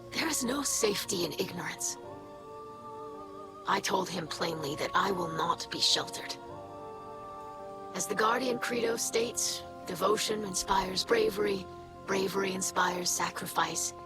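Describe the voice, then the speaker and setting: An actress voicing an earnest young alien woman who gives mission support, speaking calmly and formally. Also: mid-range voice, lightly acted. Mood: resolute. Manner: calm, formal, measured speech. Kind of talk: game dialogue. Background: game music.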